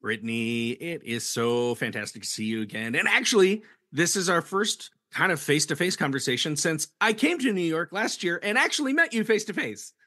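Lively, bright-voiced male podcast host. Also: fairly high pitch, brisk, few pauses, dry recording, clean studio sound. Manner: animated storyteller, acts out quoted people. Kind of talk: casual chat.

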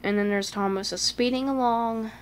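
On the high side and fairly even in intonation, this woman talks at normal speed while paging through a picture book she's a fan of. Her chatty commentary is full of "like," gasps and little voices, with some slight background noise.

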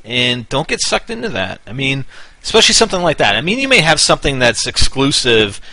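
A man's voice: mid-range voice, sing-song, a little fast, sharp tone, no echo. A man hosting casual gaming commentary, rambling and hyper, winding himself up into a half-joking rant. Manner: rambling, mock-ranting, wound up. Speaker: gaming channel host.

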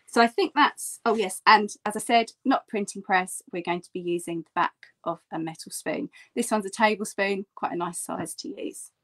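A woman's voice: moderate pace, hardly any pauses. A woman, a print artist, giving a friendly and explanatory online printmaking lesson. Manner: chatty and explanatory, with bright lifts in pitch. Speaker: print artist teaching a workshop. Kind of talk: friendly online craft tutorial.

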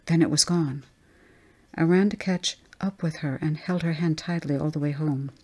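A woman reading a ghost story aloud as an audiobook narrator, measured and tense. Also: low-pitched, steady tone, dark tone, husky.

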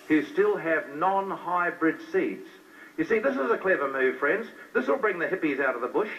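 With a high, fairly bright voice and animated delivery at a moderate pace, this man preaches fervently. He aims rhetorical questions directly at his listeners in a fiery sermon, recorded dull and lo-fi from afar.

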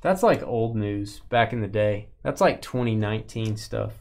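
A man hosting a live sports card break, teasing his co-host and loudly calling out the cards he pulls. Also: lowish voice, expressive, normal speed, vocal fry, slight background noise. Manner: jokey, teasing, loud when calling out big pulls.

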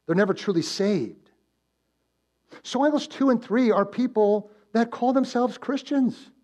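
A man preaching a sermon as pastor, swinging between loud emphatic build-ups and hushed low warnings, telling stories and posing questions to the congregation. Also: expressive, slow pace. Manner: storytelling with direct questions to the congregation. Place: church.

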